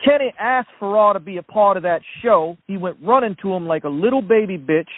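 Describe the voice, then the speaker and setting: A man's voice: high voice, lively intonation, fairly quick, dry recording. A male caller on a call-in show delivering a furious, profane rant. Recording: dry phone line.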